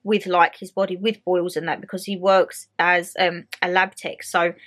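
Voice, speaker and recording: A young woman with an Essex accent chatting to camera as a vlogger, telling a story in a lively way and acting out the people in it. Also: lowish voice, moderate pace. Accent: Essex English. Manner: chatty, animated storytelling with acted quotes. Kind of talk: casual chat to camera. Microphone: handheld phone camera.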